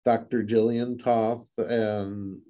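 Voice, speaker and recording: A man's voice: on the low side, level tone, slow, highs cut off. A man co-hosting a casual book discussion, rambling with fillers and restarts as he recaps the story. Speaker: podcast co-host.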